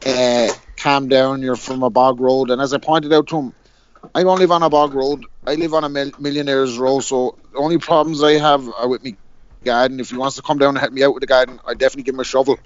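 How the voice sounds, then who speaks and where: A man's voice: mid-range voice, fairly even intonation, fast. A man with a Wexford Irish accent, a podcast panelist in casual, profane, jokey banter. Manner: profane, jokey, laid-back. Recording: muffled online call audio.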